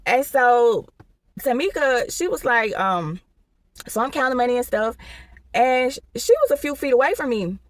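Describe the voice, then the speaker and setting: A woman's voice: fairly high pitch, lively intonation, moderate pace, dry recording. A young woman tells a casual storytime, rambling along and tossing in "or whatever" asides.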